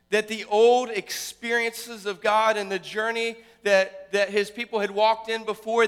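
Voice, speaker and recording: A man preaching a sermon, building his phrases up loudly and then dropping to a hushed voice. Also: sits high, clean tone, long reverb tail. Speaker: pastor.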